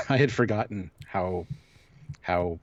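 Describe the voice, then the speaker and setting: A man co-hosting a live-stream chat in a relaxed, halting way, with plenty of fillers. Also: deep voice, no room sound. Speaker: co-host. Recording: dull, dry lo-fi mic.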